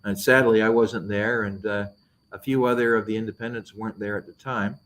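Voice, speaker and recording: A middle-aged man, a politician guest, answering interview questions in an earnest, halting way with many fillers and restarts. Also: on the low side, fairly even intonation, a bit bright, low-quality recording.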